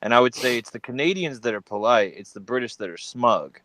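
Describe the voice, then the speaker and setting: A man's voice: mid-range voice, animated, fairly quick, a bit bright, a little hiss or hum, low-quality recording. A man on a casual live-stream group chat, joking and laughing as he retells clips.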